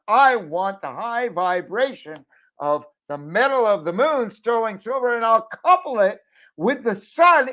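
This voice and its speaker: A middle-aged man giving an emphatic promotional pep talk to camera as a business owner, urging listeners to act, with his voice swinging between loud and hushed. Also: high-pitched, big pitch swings, takes it slowly. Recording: dull lo-fi audio.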